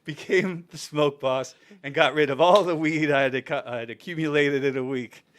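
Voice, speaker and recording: Guy musician on a podcast spinning a story, kinda high voice, laughs a lot, acts out the quotes. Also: moderate pace, fairly bright tone. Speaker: guest band musician. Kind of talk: casual storytelling.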